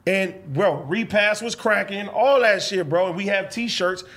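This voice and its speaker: A man in casual podcast chat, telling animated, profane stories from his life. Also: sits high, unhurried.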